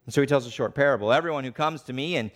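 A man preaching a sermon, animated, acting out the voices of the people he quotes. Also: medium pitch, rapid-fire.

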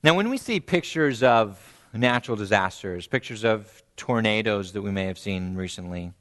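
A man preaching a sermon, animated and storytelling, acting out quoted voices and softly repeating key phrases for emphasis. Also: normal speed. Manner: animated, acts out quoted voices with big pitch jumps. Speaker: pastor.

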